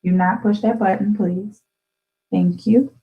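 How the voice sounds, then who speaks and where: A woman hosting a radio show, chatting gently and playfully with her young daughter and teasing her with questions. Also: medium pitch, steady tone, measured pace, muffled recording.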